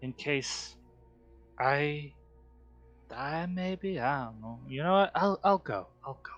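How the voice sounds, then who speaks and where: A man's voice: a little high, animated, takes it slowly, fairly bright tone, dull audio, faint music behind. A man playing a tabletop game, talking casually and unsurely, trailing off. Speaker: player. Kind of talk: tabletop role-play, casual.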